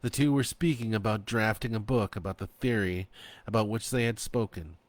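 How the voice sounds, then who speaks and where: A man narrating his own horror story in a slow, expressive reading. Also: on the low side, dry recording.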